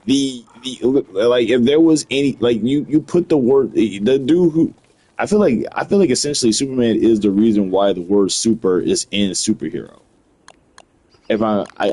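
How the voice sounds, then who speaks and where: Deep-voiced man ranting while gaming. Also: mellow. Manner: ranting, repetitive, slangy. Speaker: gaming video host. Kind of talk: casual commentary while playing a video game.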